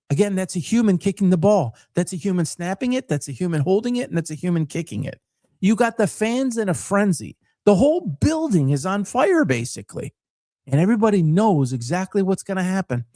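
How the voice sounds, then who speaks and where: A man's voice: high-pitched, sing-song, normal speed, dark tone, no echo, studio quality. A man who is a former coach hosting sports talk, ranting about a team with emphatic, repetitive rhetorical lists. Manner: passionate, fired-up. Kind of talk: opinionated sports commentary.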